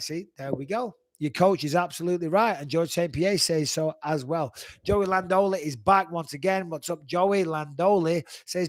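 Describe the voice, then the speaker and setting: A man hosting a live Q&A, answering viewer questions in a blunt, profane, animated way. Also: a little high, normal speed, no echo. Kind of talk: live Q&A chat.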